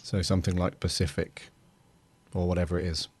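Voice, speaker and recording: A man hosting a podcast, talking in a measured, hesitant way. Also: low voice, little pitch movement, a little mellow, husky, dry recording. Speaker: podcast host. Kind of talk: casual chat.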